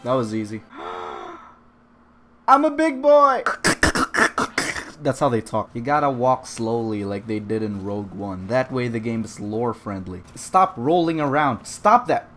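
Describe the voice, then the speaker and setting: A young man giving lively, sarcastic commentary over his own gameplay, boasting in jest and swearing freely. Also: medium pitch, normal speed, hardly any pauses. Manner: mock-boastful, jokes about himself. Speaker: gaming video creator.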